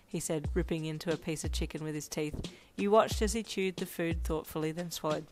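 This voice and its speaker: A woman narrating a fanfiction audio story in a soft, expressive way. Her voice sits on the lower side, with faint music underneath. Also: a little fast, few pauses. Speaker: fanfiction reader.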